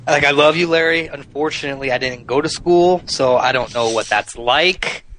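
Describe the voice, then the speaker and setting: A man's voice: a little high, normal speed, a bit bright, a little hiss or hum, rough recording. A man in casual podcast chat, rambling and teasing, searching for words.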